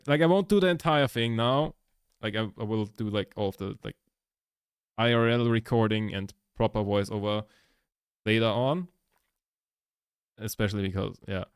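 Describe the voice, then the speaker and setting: A man's voice: mid-range voice, clear, resonant tone, no room sound, clean studio sound. A man chatting casually while editing a video, rambling, swearing a lot and laughing often, recorded indoors at home. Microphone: laptop microphone.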